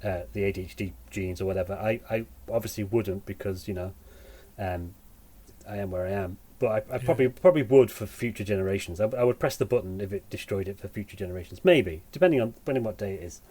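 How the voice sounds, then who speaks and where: Low-voiced man thinking aloud, halting. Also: mellow. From England. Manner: halting, repeats words while thinking aloud. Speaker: podcast guest, musician and teacher. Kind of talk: casual interview chat.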